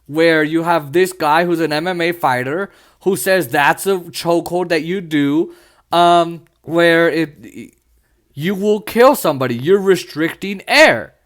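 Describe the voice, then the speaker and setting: Man, high voice, podcast host, solo commentary, impassioned, blunt, mocking. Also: a bit bright.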